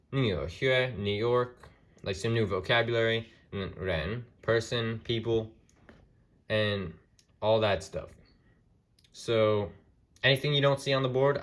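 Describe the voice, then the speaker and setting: A man with a fairly low voice gives a casual lesson at a board. He explains each point step by step and slows right down for the example phrases. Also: a bit bright. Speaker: language tutor. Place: room with a whiteboard.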